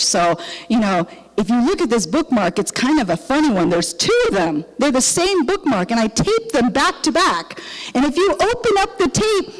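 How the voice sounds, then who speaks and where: An older woman, a missionary speaker, giving an animated testimony in church and acting out the dialogue of her story. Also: sits high. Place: church sanctuary. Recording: long reverb of a church hall.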